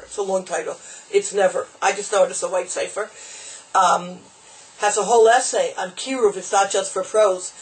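Brief: chatty Torah teacher, mid-pitched, wanders off on asides, drops in Hebrew phrases. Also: poor audio. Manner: conversational and digressive, mixing in Hebrew and Yiddish terms. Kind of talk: informal Torah lesson on the Haggadah.

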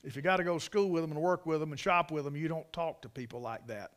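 This preacher's voice runs a little high, and he talks fast. Drawling in a Carolina Southern accent, he tells stories to his church congregation during a folksy sermon, punctuating them with emphatic asides.

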